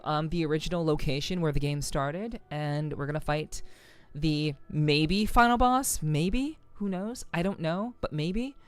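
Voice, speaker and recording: A woman's voice: low-pitched, clear, resonant tone, no echo. A woman streaming a game with a slightly sore, scratchy throat, chatting casually and greeting viewers over and over. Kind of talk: casual live-stream chat.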